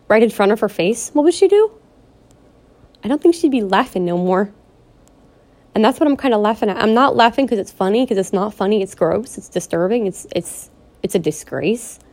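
A woman's voice: fairly high pitch, darkish tone. A woman vlogger ranting in a personal vlog, pleading and upset, repeating herself and restarting her sentences. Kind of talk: emotional personal vlog rant.

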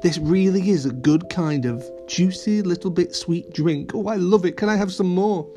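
A man's voice: high voice, moderate pace, mellow, faint music behind, pitched above the performer's own voice, lightly acted. A man voicing a curious, eager young girl. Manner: eager and wondering.

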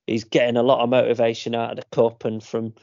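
A man's voice: medium pitch, monotone, fast, creaky, a little mellow, dry recording. Guy rambling through a story, um's everywhere, dry muffled sound. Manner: chatty storyteller, many fillers and restarts. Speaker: podcast co-host. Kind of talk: casual chat.

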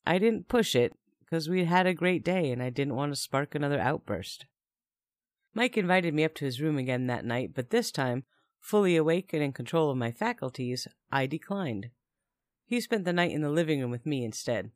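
A woman's voice: sits low, lively intonation, moderate pace, no echo, clean studio sound. A young woman narrating a first-person story in a chatty tone with wry asides.

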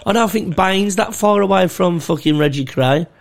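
A man's voice: high voice, normal speed, vocal fry. A man on a podcast, swearing and joking in casual banter. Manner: sweary, jokey, laughs a lot. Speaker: podcast co-host.

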